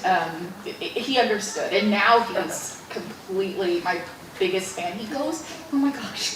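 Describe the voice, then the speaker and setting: Animated author in an echoey hall. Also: female voice, medium pitch. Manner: animated, laughs while telling stories. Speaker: author guest. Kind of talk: storytelling interview. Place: library event room. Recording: roomy, distant mic with background hiss.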